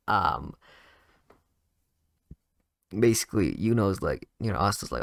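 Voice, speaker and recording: Fan storyteller, male, gravelly lowish voice, dry close sound, loose rambling delivery. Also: expressive, measured pace, long pauses, dry recording. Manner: rambling, many fillers and restarts. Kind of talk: casual improvised fan story narration.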